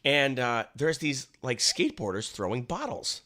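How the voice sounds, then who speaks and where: Male podcast co-host, casual chat, bright and lively delivery, swears often. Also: medium pitch, normal speed. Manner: animated storyteller, swears freely.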